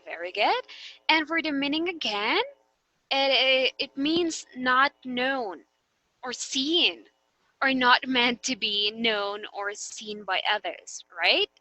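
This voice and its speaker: A woman's voice: fairly high pitch, pushed and bright, no room sound, poor audio. A young woman teaching a vocabulary lesson, patiently checking that her students understand. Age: young adult.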